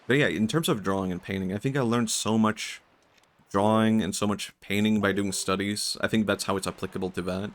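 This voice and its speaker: A man with a Swedish accent chatting in a low-key, monotone way while streaming a game. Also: a little fast. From Sweden. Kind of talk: casual gaming commentary.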